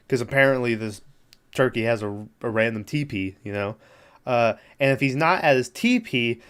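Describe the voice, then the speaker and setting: A man's voice: medium pitch, clear, resonant tone. A man hosting a podcast who recaps a movie in a rambling, profane way, laughing often and filling gaps with "like" and "um.". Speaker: podcast host.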